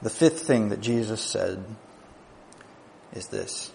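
A man preaching a sermon, moving between quiet, low asides and raised, emphatic declarations, with conversational "right?" asides. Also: expressive, takes it slowly, creaky, long pauses, slight background noise.

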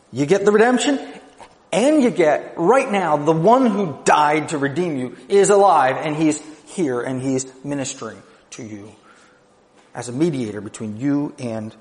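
A man's voice: a little high, animated, normal speed. Emphatic male pastor preaching in a hall. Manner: emphatic, conversational preaching with rhetorical checks. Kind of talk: sermon. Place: church.

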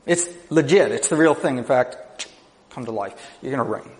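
A man's voice: medium pitch, lively intonation, moderate pace, darkish tone, in a large hall. A man preaching a sermon as pastor, emphatic and conversational, often checking in with the congregation. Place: church.

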